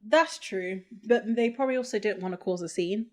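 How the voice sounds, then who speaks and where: A woman's voice: medium pitch, a little fast, darkish tone. A young woman co-hosting a podcast, chatting casually with lots of fillers and laughs. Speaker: podcast co-host. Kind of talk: casual chat.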